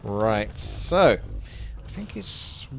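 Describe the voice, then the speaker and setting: A man's voice: lowish voice, very animated, very slow, creaky, a little hiss or hum. A man giving casual, chatty game commentary, thinking aloud as he plays. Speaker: gameplay commentator.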